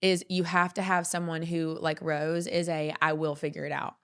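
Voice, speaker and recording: A woman hosting a business podcast in casual conversation, animated and acting out her own quotes. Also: sits low, moderate pace, clear, resonant tone. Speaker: podcast host and business owner.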